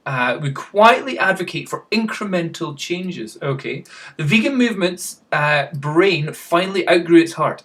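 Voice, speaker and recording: A man's voice: on the high side, fairly bright tone. A man chatting casually to camera in a rambling, self-mocking way, chuckling at himself. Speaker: vlogger.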